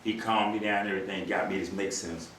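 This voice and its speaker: Here the retired marshal's voice sits on the low side and moves quickly, captured from a distance with a faint hiss or hum. An older man, he performs his story for the audience, voicing the other characters and sharing laughs with the crowd in an echoey hall.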